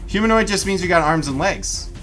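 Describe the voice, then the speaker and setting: A man narrating a livestreamed tabletop battle as game master, in an animated, chatty way, talking directly to his viewers. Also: high-pitched, fairly quick, faint music behind.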